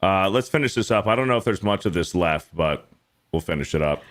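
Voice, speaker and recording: A man hosting a casual podcast chat, talking bluntly with lots of swearing and mimicking others in high mocking voices. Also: expressive, a little fast, fairly bright tone. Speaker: podcast host.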